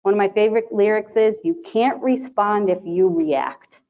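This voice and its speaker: A woman presenting to a live conference audience, chatty and animated, laughing often and acting out quotes. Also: medium pitch, normal speed. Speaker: conference presenter, sterile processing educator. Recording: dull lo-fi sound.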